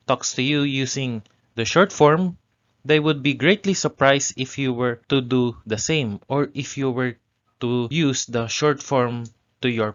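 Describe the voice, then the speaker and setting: A man teaching a language lesson, explaining grammar step by step and repeating each example phrase slowly. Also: mid-range voice, fairly bright tone, dull audio.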